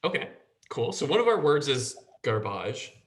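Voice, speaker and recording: A man's voice: medium pitch, big pitch swings, moderate pace. A man hosting a casual school podcast, prompting the group with questions and laughing easily. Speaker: podcast host guiding discussion.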